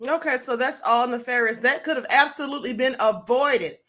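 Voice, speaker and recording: High bright-voiced woman streamer. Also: a little fast. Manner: emphatic, opinionated, talks straight to viewers. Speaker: live stream host. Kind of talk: casual news commentary.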